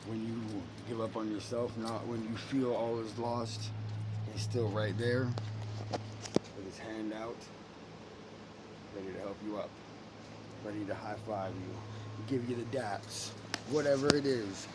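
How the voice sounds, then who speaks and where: A man talking about his beliefs in a casual, earnest monologue that turns suddenly loud and high at times. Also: steady tone, a little slow, long pauses, very noisy. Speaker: parent sharing personal beliefs.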